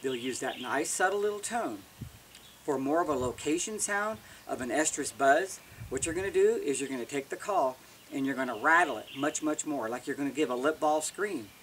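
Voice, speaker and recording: A man's voice: on the high side, expressive, moderate pace, fairly bright tone, recorded from a distance, slight background noise. A man giving a casual, plain-spoken how-to demonstration as an elk-calling instructor, often restarting words.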